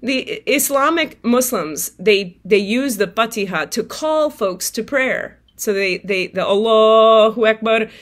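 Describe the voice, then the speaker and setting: A woman telling viewers a personal story in a casual, animated way, swearing freely and acting out her own outbursts. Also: fairly high pitch, unhurried, few pauses. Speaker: tarot reader and spiritual vlogger.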